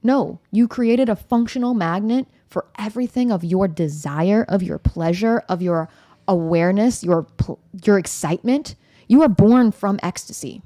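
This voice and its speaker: A woman's voice: mid-range voice, normal speed, mellow, no echo, studio quality. A woman hosting a podcast interview, speaking in an affirming, confident, coaching way.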